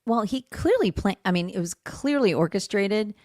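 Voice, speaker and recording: A woman's voice: medium pitch, animated, moderate pace, darkish tone, dry recording, studio quality. A woman co-hosting a casual podcast, talking bluntly, swearing and laughing easily. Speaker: podcast co-host. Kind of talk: casual rant chat.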